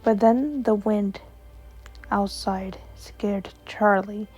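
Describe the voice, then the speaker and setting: A woman telling a bedtime story in a soft, unhurried way. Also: medium pitch, fairly even intonation, breathy edge, faint music behind, rough recording.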